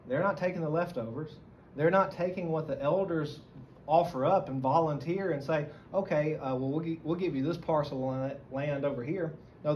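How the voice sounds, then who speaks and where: A man with a Southern American accent teaching a church Bible study, reading scripture aloud and explaining it earnestly. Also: mid-range voice. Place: church meeting room. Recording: dull lo-fi recording, faint room noise.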